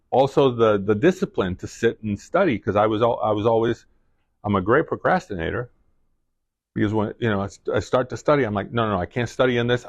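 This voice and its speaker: Halting middle-aged man telling his story. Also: mid-range voice, no echo. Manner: halting, many restarts and fillers. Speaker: guest speaker. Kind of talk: personal story told to a class.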